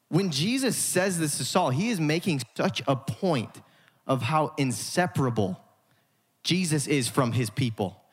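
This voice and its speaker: A male pastor preaching a sermon in an emphatic style with dramatic pauses, in a church sanctuary. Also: a little high, animated, breathy edge. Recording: hall reverb.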